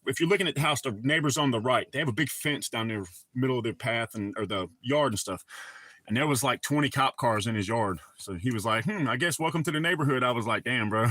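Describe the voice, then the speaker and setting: Bright-voiced man rambling casually. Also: mid-range voice, no echo. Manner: rambling, laid-back, swears freely. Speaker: live stream host. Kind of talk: casual morning live chat. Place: at home with his dogs.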